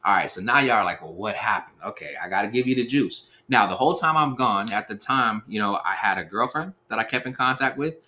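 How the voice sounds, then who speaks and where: A man in his thirties telling a personal story in a relaxed, slangy way, acting out the quotes as he goes. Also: on the low side, fairly quick, hardly any pauses. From Seattle area, USA. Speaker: speaker sharing life advice. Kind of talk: storytelling talk.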